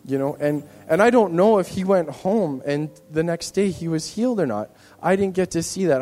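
A man's voice: a little high, dark tone, big-room sound. A man in a church giving an earnest, rambling personal testimony to the congregation, often restarting his sentences. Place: church hall.

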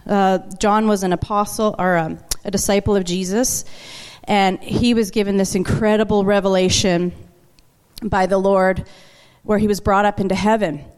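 A woman preaching a sermon to her congregation, chatty and emotional, slowing down to lean on key words. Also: medium pitch, fairly even intonation, a little mellow, smooth. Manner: conversational and emotional, slows for emphasis. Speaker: worship leader preaching. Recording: long church hall reverb.

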